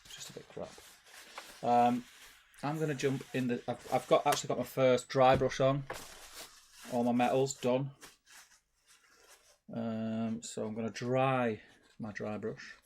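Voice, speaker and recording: A man's voice: mid-range voice, level tone, a little slow, long pauses, darkish tone, a little hiss or hum. A man hosting a live hobby stream, chatting casually and rambling with restarts while painting miniatures and reading out chat. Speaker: stream host.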